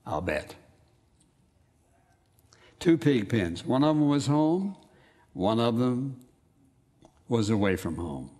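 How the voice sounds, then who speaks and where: A man's voice: medium pitch, big pitch swings, mellow. Man preaching an emphatic sermon. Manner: emphatic, quotes scripture in slow dramatic readings.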